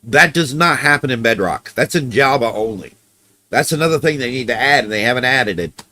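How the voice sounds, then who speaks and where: A man's voice: mid-range voice, animated, a little fast, bright, forceful tone, dry recording. Blunt, cursing male streamer. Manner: blunt, swears freely, grumbling. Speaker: live streamer. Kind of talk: casual live-stream chat.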